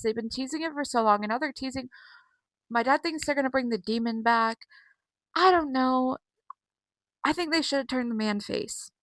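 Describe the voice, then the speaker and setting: Young woman, casual rambling chat, lots of fillers, higher-pitched, dry bedroom recording. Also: no room sound, low-quality recording. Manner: chatty, rambling, many fillers and self-quotes. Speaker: wrestling vlogger. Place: her bedroom at home.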